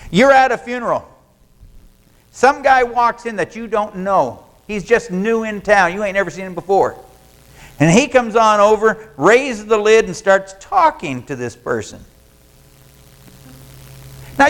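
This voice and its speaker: A man's voice: sits high, animated, unhurried, long pauses, a bit bright, rough recording. A male pastor, preaching a sermon in a folksy storytelling way and acting out what people in the story say. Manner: folksy storytelling, acts out quoted lines.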